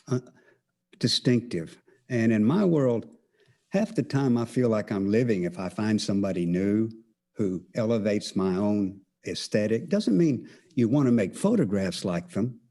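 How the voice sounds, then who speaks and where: A man with a Texas accent, a photography teacher giving a conference talk, speaking haltingly with many fillers and restarts. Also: on the low side, dark tone. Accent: Texan.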